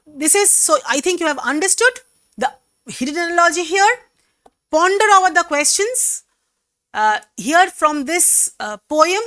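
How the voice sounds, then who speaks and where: A woman teacher with a Bengali accent talks slowly and patiently, spelling words out syllable by syllable. Her voice is high and bright, rising and falling a great deal. The recording is dry and close. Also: dry recording. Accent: Bengali-accented English. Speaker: English teacher. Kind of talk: classroom lesson explaining poetry.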